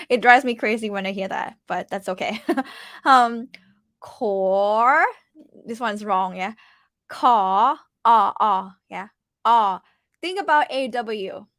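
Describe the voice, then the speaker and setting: A woman gives a relaxed online Thai lesson, patiently repeating words slowly for her learners. Her voice sits at a middle pitch and is recorded close and dry. She laughs easily between explanations. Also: no echo. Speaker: Thai language teacher. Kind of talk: casual online language lesson.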